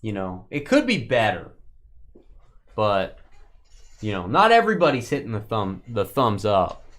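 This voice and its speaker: A man's voice: fairly low pitch, huge pitch swings, unhurried, fairly bright tone. A man hosting a live stream where he opens sports cards, chatty and joking, calling out viewers by name. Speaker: live card break host. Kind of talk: live stream chat while opening cards.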